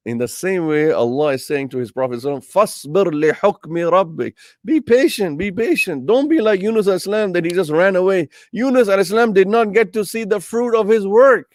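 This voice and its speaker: A man teaching a Quran tafseer lesson, animated and speaking directly to his brothers and sisters. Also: sits high, fast, hardly any pauses, no room sound, studio quality. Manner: animated, acts out quoted voices; addresses listeners as brothers and sisters. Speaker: Islamic teacher.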